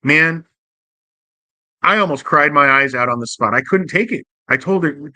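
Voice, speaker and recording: Reminiscing about driving a cab around Portland, this male podcast host rambles through a casual, profane storytelling monologue with frequent restarts. He sounds a little high, pushed and bright at a normal pace, with no room sound at all.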